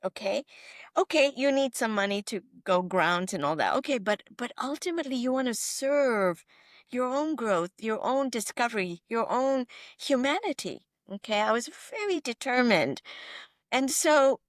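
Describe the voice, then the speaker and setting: A middle-aged woman physician telling stories in a podcast interview, animated and emphatic, often checking in with her listener. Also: a little high, normal speed, no echo, studio quality. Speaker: physician guest.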